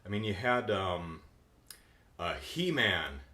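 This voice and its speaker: A middle-aged man with a deep voice, hosting a casual, keyed-up reaction commentary on a cartoon. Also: slow, echoey room. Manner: animated, keyed-up, jumps into silly voices. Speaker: podcast host.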